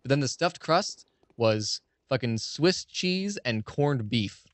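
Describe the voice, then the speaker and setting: A man's voice: mid-range voice, takes it slowly, no echo. A young man rambling and swearing freely through casual commentary while playing a game. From United States. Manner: rambling, profane, excitable ranting. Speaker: let's play streamer.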